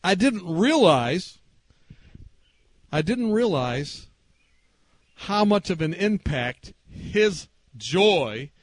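A man preaching a sermon through a personal story, animated and swinging between loud and hushed delivery. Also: high voice, very slow, long pauses, no echo.

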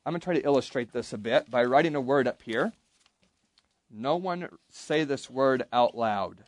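With a mid-range voice at normal speed and no echo, a man teaches an interactive Bible lesson at camp, putting questions to the young campers and leading call-and-response.

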